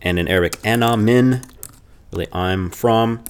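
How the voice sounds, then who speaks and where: A man giving a language lesson, explaining and slowly repeating example phrases. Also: on the low side, slight background noise. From Chicago. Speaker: language teacher.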